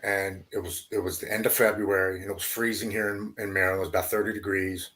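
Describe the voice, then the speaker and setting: A man, a podcast guest, telling his recovery story haltingly, repeating words and going quiet at hard moments. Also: deep voice, flat delivery.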